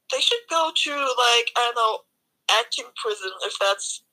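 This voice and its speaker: A young woman co-hosting a casual movie review chat, blunt and sarcastic in an animated way. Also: on the high side, a little slow, poor audio. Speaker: co-host.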